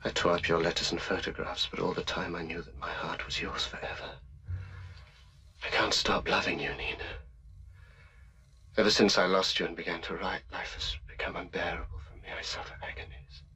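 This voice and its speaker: A lovesick young man, low voice, sharp forceful edge, whispered pleading, 1960s film drama. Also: level tone, a little fast, husky, heavily acted. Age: young adult. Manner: pleading, intense, often whispered. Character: lonely, lovesick young male writer. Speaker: actor in a film.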